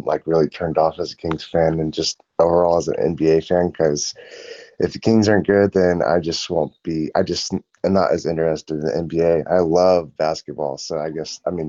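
A young man calling into a sports radio show, hesitant and halting with many fillers. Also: sits low, dark tone. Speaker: caller. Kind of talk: casual call-in chat. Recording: dull lo-fi call line.

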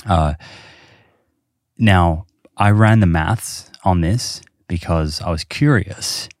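A man's voice: low-pitched, slow pace, no echo, studio quality. A man hosting a podcast, explaining research casually with many fillers. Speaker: podcast host. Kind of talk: casual chat.

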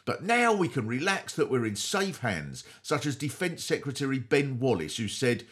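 A man's voice: medium pitch, big pitch swings, normal speed, hardly any pauses, a bit bright. A man hosting a podcast, delivering a satirical comedy monologue in a sardonic, mock-earnest way. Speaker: host.

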